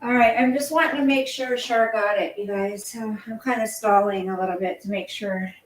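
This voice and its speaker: A woman's voice: medium pitch, steady tone, moderate pace, a little hiss or hum. A woman hosting a casual livestream from home at night, chatty and apologetic, cooing at her pet in between. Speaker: livestream host.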